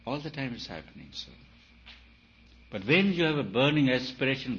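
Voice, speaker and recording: This man's spiritual talk comes in a medium-pitched, sing-song voice at normal speed, with frequent pauses. He speaks emphatically, asks rhetorical questions, and alternates between loud and soft. Faint hiss sits under the dull, lo-fi audio.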